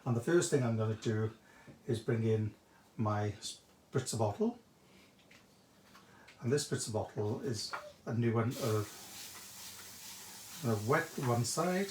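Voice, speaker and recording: Chatty man demoing crafts in an echoey room. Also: medium pitch. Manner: chatty, greets viewers by name while working. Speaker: craft shop host demonstrating a technique. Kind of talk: live craft demonstration. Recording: echoey room, faint background noise.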